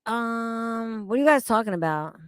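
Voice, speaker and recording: A woman's voice: a little high, lively intonation, moderate pace, clear, resonant tone, no room sound, clean studio sound. A woman streaming live, reading chat comments aloud and reacting in a blunt, profane, exasperated way.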